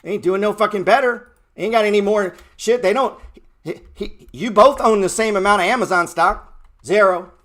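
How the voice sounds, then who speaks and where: A man's voice: sits high, normal speed, a bit bright. Brash, blunt man ranting. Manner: blunt, brash and mocking, heavy swearing. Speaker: trading show host. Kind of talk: profane motivational rant.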